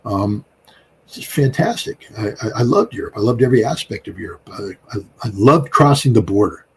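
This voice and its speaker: A middle-aged American man talks through political commentary in a rambling, emphatic way, full of fillers and restarts. His voice sits a little low, and faint noise hums behind him. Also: big pitch swings, fairly quick. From United States. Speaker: guest commentator.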